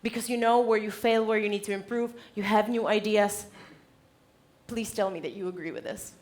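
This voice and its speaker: Woman giving a keynote on stage, lively and direct, laughs a lot. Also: mid-range voice, moderate pace. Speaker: conference speaker. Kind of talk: conference keynote talk. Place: stage at a conference event.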